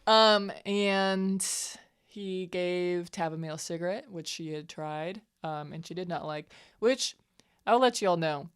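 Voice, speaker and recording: Giggly woman with a smooth voice. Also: fairly low pitch, unhurried. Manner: giggly, chatty, hesitant fillers. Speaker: player. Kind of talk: casual recap chat.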